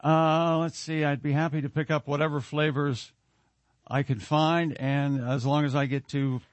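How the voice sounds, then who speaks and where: A man's voice: fairly high pitch, flat delivery, normal speed, dry recording. A man hosting a casual radio show, joking with his co-hosts and reading out listener emails. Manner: jokey, teasing, reads listener emails aloud. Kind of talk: casual morning show banter.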